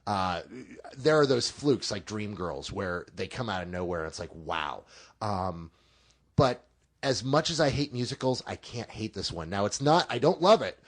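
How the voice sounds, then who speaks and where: A man's voice: fairly low pitch, expressive, normal speed. A male podcast reviewer talks through a movie in loose, rambling chat. He stalls on fillers and restarts, then slides into wry jokes. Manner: rambling, hesitant, joking.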